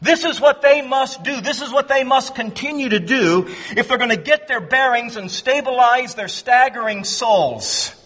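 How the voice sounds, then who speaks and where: A man preaching an expository sermon, earnest and emphatic, often repeating words as he restarts and slowing down to stress key phrases. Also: extremely high pitch, lively intonation, bright, forceful tone. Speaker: pastor. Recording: long hall reverb.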